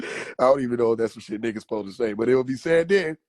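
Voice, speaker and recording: A man's voice: mid-range voice, quick pace, darkish tone, no echo, clean studio sound. A man telling a loose, profane story on a phone livestream, laughing often as he talks. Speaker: livestream host.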